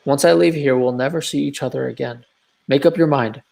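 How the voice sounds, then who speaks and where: An actor reading a blustering lovesick landowner in a live video-call play reading, stammering through impassioned declarations. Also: male voice, mid-range voice, fairly quick, gravelly, darkish tone, natural voice. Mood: pleading.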